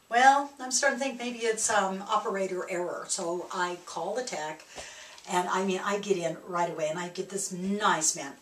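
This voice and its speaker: A woman shares a reflective personal story as a spiritual speaker. Her delivery is animated, with laughs along the way. Her mid-pitched voice sits back from the mic in a roomy, echoing space. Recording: echoey room, distant mic.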